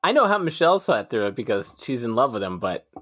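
A man co-hosting a comedy podcast, casual and teasing in quick back-and-forth banter. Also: medium pitch, big pitch swings, a bit bright. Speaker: podcast co-host.

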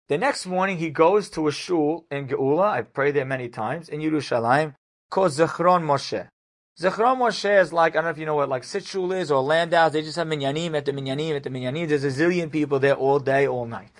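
Animated male rabbi telling a story. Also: on the high side, a little fast. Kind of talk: inspirational storytelling.

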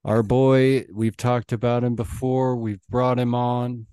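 A man's voice: mid-range voice, flat delivery, slow pace, warm tone, clean tone, no room sound, studio quality. A young man hosting a podcast in casual chat, telling stories loosely with lots of fillers and laughs. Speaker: podcast host.

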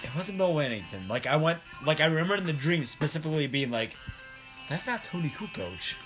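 A man's voice: a little high, animated, fast talker, fairly bright tone, faint music behind. A man co-hosting a casual podcast, telling a rambling story between laughs. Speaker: podcast co-host. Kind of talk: casual chat.

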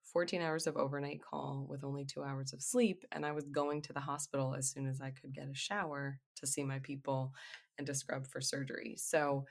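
A woman who is a physician assistant, a podcast guest telling candid stories in an animated way and laughing often. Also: very deep voice, a little fast, gravelly. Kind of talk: candid storytelling interview.

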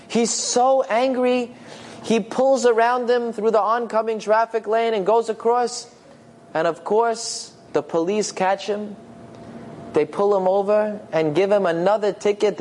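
A man telling a moral story as a sermon, with animated, dramatic delivery. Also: high-pitched, unhurried. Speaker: storyteller, religious speaker.

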